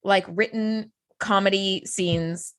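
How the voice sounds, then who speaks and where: A woman's voice: medium pitch, steady tone, slow pace, a bit bright. A woman co-hosting a casual podcast, chatting expressively and laughing readily while discussing a TV episode. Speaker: podcast co-host. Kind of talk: casual chat recapping an episode.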